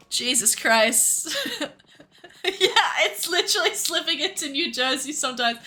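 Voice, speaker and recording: A woman's voice: high voice, measured pace, pushed and bright, soft background music. A woman streamer chatting casually while playing a video game, giggly, self-mocking and swearing freely. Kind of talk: casual gameplay commentary.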